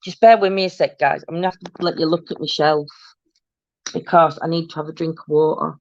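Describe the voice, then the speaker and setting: A woman's voice: low-pitched, fairly even intonation, brisk, dry recording. A chatty woman hosts her live stream from home, bantering with viewers and laughing easily. Her voice comes through a webcam mic, dry and a little muffled. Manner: chatty and bubbly, laughs often, teasing. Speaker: host of a paranormal live stream. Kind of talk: casual live-stream chat, reading out viewer comments.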